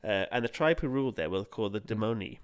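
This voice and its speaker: A man's voice: lowish voice, big pitch swings, fast talker, clear, resonant tone. A young man co-hosting a podcast, rambling and laughing as he chats and narrates history. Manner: sweary, laughing, rambling banter. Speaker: podcast co-host. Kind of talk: casual chat and history narration.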